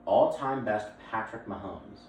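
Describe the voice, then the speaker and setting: A man's voice: on the low side, animated, measured pace. A young man co-hosting a casual sports podcast, rambling with restarts and lots of laughter. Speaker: podcast co-host. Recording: echoey room, far from the mic, faint noise.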